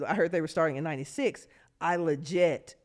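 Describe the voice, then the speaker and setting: Animated woman telling stories. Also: a little fast. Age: 50s. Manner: animated, acts out quotes with big pitch jumps, laughs often. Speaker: guest, former pro basketball player. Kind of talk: podcast interview storytelling.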